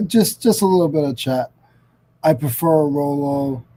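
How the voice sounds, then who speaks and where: Mellow rambling man hosting a livestream. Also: on the high side, animated, unhurried, low-quality recording. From Rhode Island. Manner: rambling, many fillers and restarts. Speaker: host. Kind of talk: casual livestream chat. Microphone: video call.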